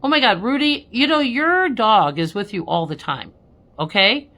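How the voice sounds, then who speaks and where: A woman's voice: on the high side, lively intonation, moderate pace, sharp tone. A woman working as a spiritual medium, chatting on a live stream with viewers, laughing often and ending lines with "okay?".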